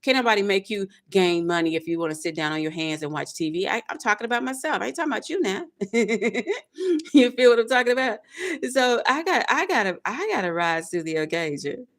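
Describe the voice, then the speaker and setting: A woman's voice: mid-range voice, animated, fast talker, fairly bright tone. Emphatic woman preaching motivational self-talk. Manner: preachy, emphatic, repetitive, speaks in affirmations. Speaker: tarot reader.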